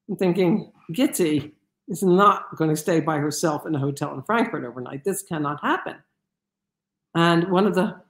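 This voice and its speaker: A woman telling a personal story in an animated way, with many fillers and restarts. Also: lowish voice, roomy sound. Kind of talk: storytelling talk.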